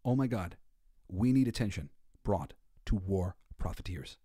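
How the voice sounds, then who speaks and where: A man hosting a podcast and giving casual, emotional commentary. He swings between soft, heartfelt stretches and loud, excited bursts. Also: low voice, unhurried, husky, dry recording, studio quality. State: tearful. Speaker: podcast host.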